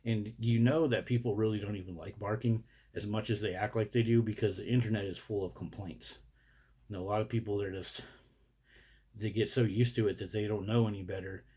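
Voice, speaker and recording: A man ranting into the camera, blunt and indignant, with plenty of swearing. His voice is low and dark with a husky edge. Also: steady tone, a little fast. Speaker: vlogger. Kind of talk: profane rant to camera.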